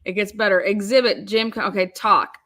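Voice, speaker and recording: A woman hosting a live-stream chat, excitable and giggly, swearing casually. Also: mid-range voice, brisk. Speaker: livestream host.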